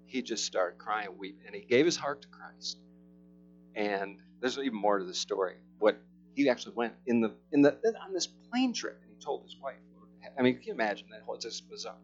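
A man's voice: medium pitch, a little hiss or hum. Middle-aged guy preaching, rambly storytelling, lots of restarts, kinda muffled audio. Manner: rambling, halting, many restarts. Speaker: pastor. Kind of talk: sermon storytelling. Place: church service. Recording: slightly muffled with soft guitar.

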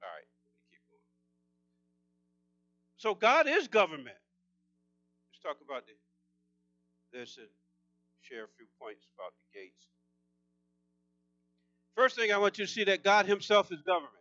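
High-voiced fervent male preacher. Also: moderate pace, long pauses, dry recording, muffled recording. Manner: voice rises when excited, fervent and emphatic. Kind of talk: sermon.

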